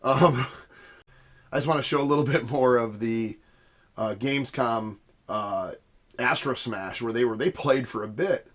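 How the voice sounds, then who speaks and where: Recording on a desk camera in his home basement studio, a gaming channel host talks casually, interrupting himself and laughing often. He speaks at medium pitch, a little slowly, with frequent pauses.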